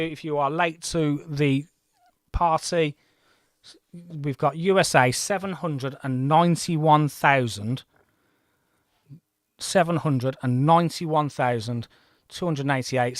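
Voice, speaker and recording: A man's voice: a little high, measured pace, no room sound, studio quality. A man in his forties hosting a gaming livestream, chatting in a rambling, self-deprecating way. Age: 40s. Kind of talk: casual livestream commentary.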